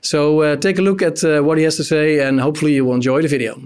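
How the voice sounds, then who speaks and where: A man hosting, introducing a conference video in a hesitant way with many pauses. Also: a little high, steady tone, a little mellow. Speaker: host, managing director.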